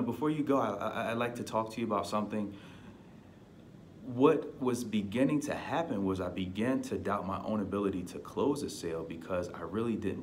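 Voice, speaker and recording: A man's voice: sits low, a little hiss or hum. A man giving an earnest, conversational devotional teaching, lifting his voice to stress key points. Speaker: preacher.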